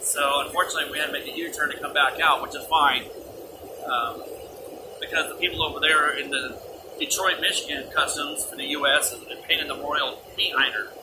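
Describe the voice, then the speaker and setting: Speaking a little fast in a fairly high voice, a man from Kentucky, USA, chats to the camera in a casual, explanatory way while driving his family on a trip. He's folksy and hesitant, restarting often, with strong road and outdoor noise from the car and outdoors.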